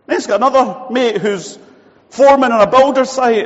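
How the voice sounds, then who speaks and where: A man's voice: very high voice, a little fast. A man preaching a sermon, telling a story and acting out each character's voice. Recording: dull recording with long hall reverb.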